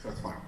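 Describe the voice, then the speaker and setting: Male seminar coach on stage, lively and emphatic, heard from afar in a very reverberant hall. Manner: animated, shifts volume and pace for emphasis. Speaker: communication coach. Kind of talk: live seminar talk to an audience. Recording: very echoey hall, distant mic, faint hiss.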